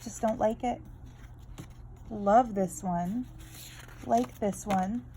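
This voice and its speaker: A woman's voice: medium pitch, drawn-out words, warm tone, a little hiss or hum, rough recording. A woman vlogging about her art, chatting in a rambling, candid way full of tangents while she draws. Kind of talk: casual draw-along chat.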